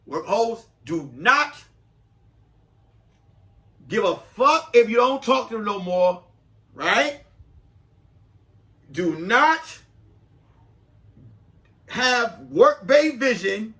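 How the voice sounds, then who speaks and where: A man's voice: high voice, sing-song, very slow, long pauses, pushed and bright. A man hosting a podcast as a comedian, giving profane, emphatic, rambling advice in a comic monologue.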